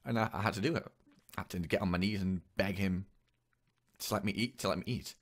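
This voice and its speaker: A young man speaking in a hesitant, halting way, with many pauses and restarts, in a personal confessional monologue. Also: deep voice, husky. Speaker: vlogger.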